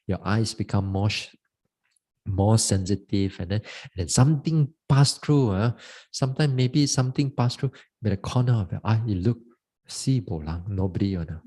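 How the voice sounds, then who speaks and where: Monk, warm mellow tone, unhurried halting dharma talk with fillers. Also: male voice, lowish voice. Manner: halting, repeats words, many "uh" fillers. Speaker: Buddhist monk teaching meditation.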